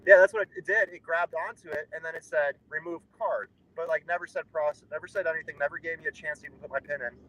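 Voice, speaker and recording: The recording is rough as a young man on a road trip chats casually from his car while driving, faint road and vehicle noise in the background. His voice is a little high, steady and fairly bright, and he talks very fast with hardly any pauses, in a rambling, wry, offhand way.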